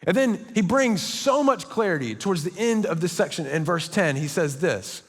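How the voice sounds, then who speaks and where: A man's voice: high-pitched, lively intonation, moderate pace, hardly any pauses. A young man preaching a sermon, telling stories with playful, self-mocking asides. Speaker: pastor. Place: church hall. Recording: long church hall reverb.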